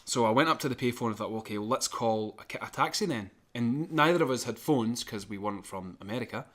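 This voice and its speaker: A man spinning a travel story for a podcast, his voice sitting at an ordinary middle pitch. He tells it in an animated, conversational way, with small chuckles between the lines. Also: quick pace. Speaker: podcast co-host. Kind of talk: casual storytelling.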